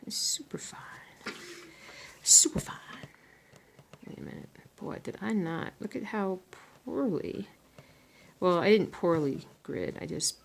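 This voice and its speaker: A woman chatting casually to viewers while she stitches. She sounds tired, talks to herself, and drops into soft muttered asides. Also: low-pitched, gravelly, slight background noise. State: tired and yawning. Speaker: crafting vlogger.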